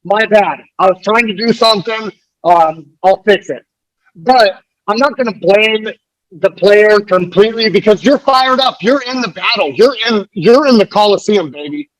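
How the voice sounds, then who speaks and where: A man's voice: high-pitched, normal speed, a bit bright, low-quality recording. A man from the United States, a guest on a podcast, talking in a fired-up, emphatic way with frequent swearing in casual chat.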